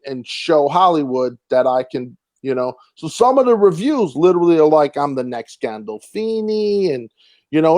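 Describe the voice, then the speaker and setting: A man's voice: fairly high pitch, a little mellow. A man talks through his acting stories in a loose, rambling way, stopping and restarting often and slipping into other people's voices when he quotes them. The sound is dry, with no room echo around him. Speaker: actor and comedian guest. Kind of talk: casual interview storytelling.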